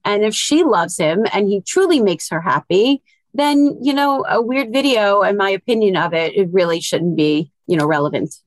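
A woman, a reality show cast member, answering interview questions in a measured way with frequent fillers. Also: medium pitch, animated, dry recording.

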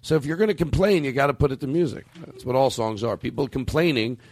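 A man co-hosting a comedy podcast, telling stories in a loose riffing way and putting on a high ranting voice for a drunk uncle. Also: quick pace, a little mellow, no echo. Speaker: podcast co-host. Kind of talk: casual comedic chat.

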